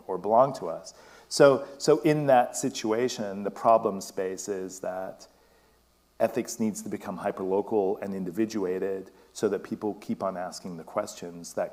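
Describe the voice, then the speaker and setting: A man's voice: sits low, a little mellow. A man with a British and West Indian accent giving a discursive public talk, restarting phrases and laughing often. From Britain. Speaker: guest speaker. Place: event stage before an audience.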